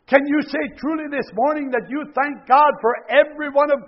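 A man with a very high voice preaches a sermon, rising to loud exhortation and dropping to quiet near-whispers. He often stumbles and repeats words as he works a point out. The sound is dull and lo-fi, with a long reverb from a large hall. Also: steady tone, fairly quick.

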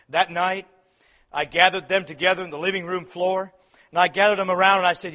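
Male preacher, high bright voice, sermon delivery moving between forceful emphasis and quiet asides. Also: little pitch movement, fairly quick. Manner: swings from loud emphatic peaks to soft quiet asides.

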